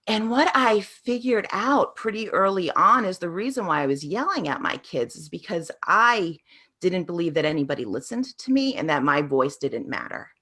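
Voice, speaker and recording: Woman, low voice, parenting coach, earnest reflective storytelling, interview guest. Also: big pitch swings, moderate pace, pushed and bright, husky. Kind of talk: conversational interview answers.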